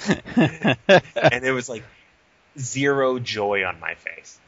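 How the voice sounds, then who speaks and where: A young man hosting a casual podcast, telling profane, animated stories with quoted dialogue. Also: mid-range voice, extremely slow, highs cut off. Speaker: podcast host.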